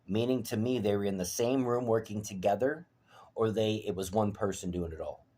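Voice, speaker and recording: A man ranting to the camera, profane and heated, veering from low mutters to shouts. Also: brisk. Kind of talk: angry personal rant to camera.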